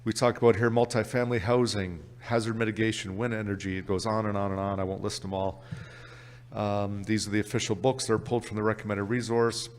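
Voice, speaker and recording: A man with a Canadian accent presenting an exam prep workshop at a conference, brisk and upbeat. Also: lowish voice, flat delivery, big-room sound. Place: conference session room.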